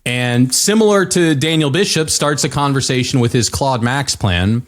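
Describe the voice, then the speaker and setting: A man's voice: medium pitch, moderate pace. An American man co-hosting a podcast, retelling a news story in casual chat with frequent hesitations. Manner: hesitant storytelling with many fillers and restarts. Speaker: podcast co-host.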